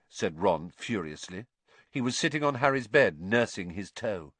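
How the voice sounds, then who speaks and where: A man narrating a storybook in an expressive, animated way. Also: on the low side, moderate pace, no room sound. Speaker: audiobook narrator.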